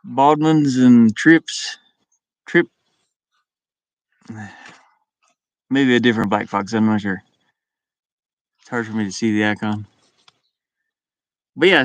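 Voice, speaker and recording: A man's voice: mid-range voice, expressive, slow, pauses often, dry recording. A young man chatting casually to his live-stream viewers from inside his van, rambling, laughing often and restarting his words.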